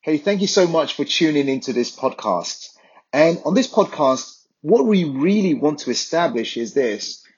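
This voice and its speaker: A man delivers a scripted opening for a business podcast, reading through a list in a deliberate cadence. His voice has a husky edge, and the recording sounds dull and muffled, with the highs rolled off. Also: lively intonation, a little mellow, faint music behind. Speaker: podcast intro announcer. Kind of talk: scripted show intro.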